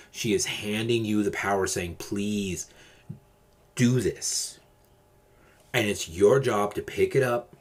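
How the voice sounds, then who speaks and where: A man hosting his own channel, giving advice in a calm, measured, deliberate casual monologue. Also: on the low side, slight background noise.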